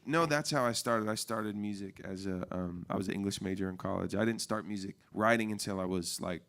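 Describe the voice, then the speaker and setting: A deep-voiced man from Oregon, sitting as the musician guest in a radio studio. His voice has a gravelly fry at the bottom. He chats loosely and playfully, trading jokes throughout a casual interview. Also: a little fast, fairly bright tone.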